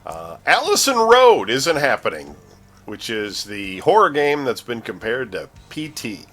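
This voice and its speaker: Lively joking man reading game news. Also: medium pitch, a little slow. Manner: jokey, laughs often, stumbles over names. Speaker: news host. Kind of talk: casual podcast chat reading news.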